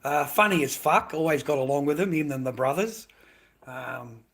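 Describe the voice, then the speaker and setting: A man's voice: on the high side, lively intonation, normal speed, creaky, fairly bright tone. An Australian man livestreaming, rambling in casual chat, swearing constantly and ending his lines with "mate".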